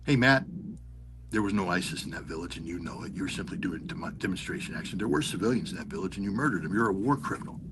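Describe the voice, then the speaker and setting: A man's voice: low voice, expressive, fast, heavy background noise. An older man, a guest on an interview show, ranting heated, profane and sarcastic political commentary. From United States.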